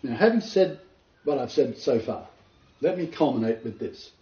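A man's voice: medium pitch, animated, normal speed, dark tone. A man leading an informal Bible study, explaining scripture in an earnest, detailed way. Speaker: Bible teacher. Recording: roomy, distant, dull lo-fi sound.

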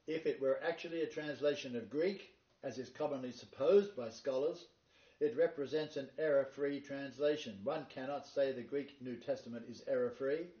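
A man delivers a sermon-style Bible lecture to a congregation, moving from read-out quotations to emphatic preaching. His voice is mellow and dark. It is captured from a distance in a dull, echoey room recording. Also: medium pitch. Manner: reads long quotations, then emphatic preaching. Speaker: Bible teacher. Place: meeting room with a live congregation.

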